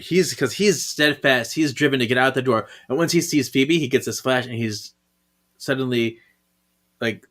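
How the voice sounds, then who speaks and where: A man co-hosts a relaxed podcast, talking through a comic in loose casual chat. He thinks aloud, hedges his points and laughs often. His voice sits at an ordinary middle pitch. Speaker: podcast co-host.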